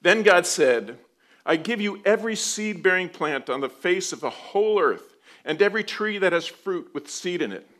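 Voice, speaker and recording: A man with a notably high voice leads a congregation as pastor. He prays softly, then shifts into a relaxed, chatty sermon full of playful asides. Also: normal speed. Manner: conversational, playful storytelling with asides; soft, low prayer voice.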